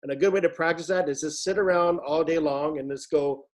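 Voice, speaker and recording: Speaking fairly quickly in a fairly high pitch, a man directs a virtual choir. His rehearsal instruction centers on Latin diction, which he explains with patience while demonstrating every sound.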